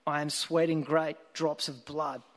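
A man's voice: a little high, little pitch movement, measured pace, fairly bright tone, long reverb tail. A man voicing a humble lay preacher with an Essex accent, repeating his words earnestly. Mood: pleading. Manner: earnest, insistent repetition.

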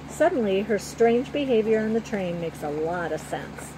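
A woman narrating a children's story in the first person with a gentle, even storytelling manner. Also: mid-range voice, normal speed, hardly any pauses, noisy background.

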